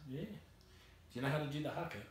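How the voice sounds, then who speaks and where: A man's voice: a little high, fairly even intonation, fast, heavy background noise. A man with a New Zealand accent chatting as a visiting guest, easygoing, bantering back and trailing off mid-sentence. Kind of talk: casual chat. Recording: echoey warehouse, far from mic.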